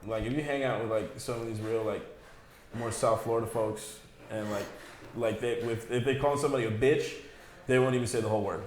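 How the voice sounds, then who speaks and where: A man in his thirties on a casual podcast, talking loosely with plenty of swearing and quick mock voices. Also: mid-range voice, fairly even intonation. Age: 30s. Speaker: podcast co-host. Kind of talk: casual chat. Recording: echoey room with faint noise.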